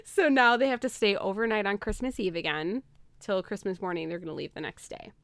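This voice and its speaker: A woman chats through a film's story for her podcast co-hosts, breaking into laughter as she goes. Her voice sits at a middle pitch, and the recording is dry, with almost no room sound. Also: a little fast, dry recording. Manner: animated storytelling, laughs often. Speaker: podcast co-host retelling a film. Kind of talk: casual chat.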